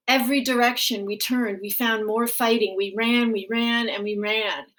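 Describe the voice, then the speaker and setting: Slow, gentle woman storyteller. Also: fairly high pitch, fairly even intonation. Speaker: audiobook reader. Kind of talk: reading a graphic novel aloud.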